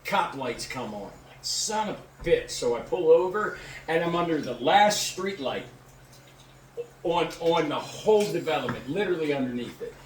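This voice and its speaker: A man casually telling a crude, lively story and acting out the people in it. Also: a little high, moderate pace, slight background noise. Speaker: podcast co-host. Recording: echoey room, mic at a distance.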